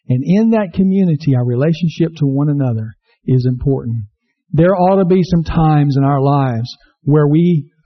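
An earnest sermon from a male pastor who repeats himself and asks questions of the congregation. Sound quality is low-fidelity and slightly dull.

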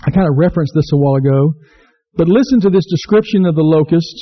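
A man preaching an earnest sermon, repeating himself and asking the congregation questions. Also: fast. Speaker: pastor. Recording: slightly dull low-fidelity recording.

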